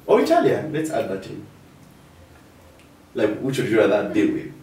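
A man co-hosting a podcast, asking quick would-you-rather questions with playful quips. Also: lowish voice, darkish tone. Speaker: podcast co-host. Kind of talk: casual chat, game questions. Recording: very echoey room, far from mic, faint background noise.

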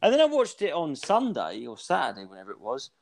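A man's voice: on the high side, fast, creaky. Rambling sweary man in his forties. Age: 40s. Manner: rambling, sweary, animated storytelling. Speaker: podcast co-host. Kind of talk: casual chat.

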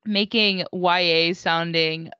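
A woman co-hosting a relaxed book podcast, lively and teasing, laughing easily. Her voice sits somewhat low for a woman. The recording is dry and slightly dull. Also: slow pace, clear, resonant tone, no room sound. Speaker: podcast co-host, bookseller. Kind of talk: casual book chat.

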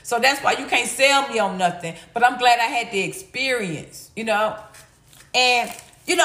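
A woman's voice: fairly high pitch, lively intonation, normal speed, a bit bright. A middle-aged woman hosting a livestream, chatting casually and reading chat comments in a slangy, blunt, laughing way. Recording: echoey room.

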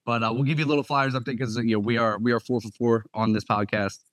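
A young man, a nurse and podcast co-host, telling a profane, animated story in casual talk. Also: medium pitch, quick pace, no room sound. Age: young adult.

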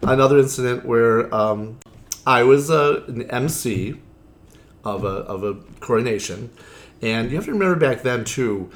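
A male drag queen tells stories during a casual interview, his mid-range voice lively in intonation and normal in speed. He chatters theatrically, relies on "you know," and plays out the voices of people in his tales.

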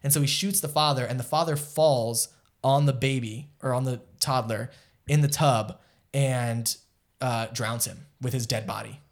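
A man co-hosting a casual anime podcast, retelling plot at length. He rambles with frequent "like" and "um" and drifts into asides. His pitch sits mid-range. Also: steady tone, moderate pace. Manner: rambling, lots of fillers and asides, distracted by live chat. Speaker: podcast co-host. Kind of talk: casual chat reviewing anime.

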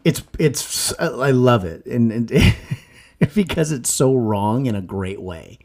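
A man co-hosts a podcast at a slow pace, his voice in the mid range. Despite the unhurried delivery, he's animated, telling jokey stories in casual conversation.

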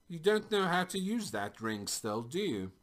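A carefree, half-mad stranger who teases and lectures by turns, as a man acts him out. His pitch leaps high and wide, with sudden bursts. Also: big pitch swings, unhurried, a bit bright. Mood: teasing. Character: eccentric carefree man, teasing and unhinged.

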